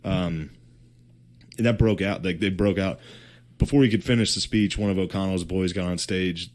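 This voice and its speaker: A man's voice: low voice, steady tone, normal speed, a little mellow. A man co-hosting a podcast, telling history in a casual, profane, slangy way with joking asides. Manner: profane, slangy storytelling with put-on quotes and laughter. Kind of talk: casual comedic history chat.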